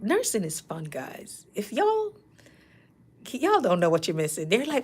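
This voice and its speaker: A middle-aged woman tells stories in a relaxed, chatty way, her voice sitting a little low. She laughs easily and jumps into playful impressions of the people in her stories. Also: measured pace, husky. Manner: animated, laughing, acts out patients' lines. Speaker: nurse coach and channel host. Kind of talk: casual storytelling.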